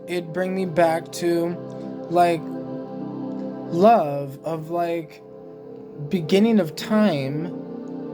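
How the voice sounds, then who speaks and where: A man's voice: fairly high pitch, very slow, pauses often, music in the background. A man vlogging a rambling first-person trip report, emotionally stirred and swearing freely with many fillers.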